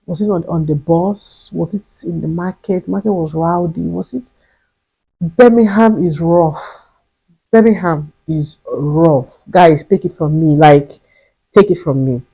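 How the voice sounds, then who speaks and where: Young woman, Nigerian accent, husky voice, storytime vlog, animated, repeats for emphasis. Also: fairly low pitch, moderate pace, low-quality recording. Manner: animated storyteller, emphatic repetition, breaks into pidgin. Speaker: vlogger.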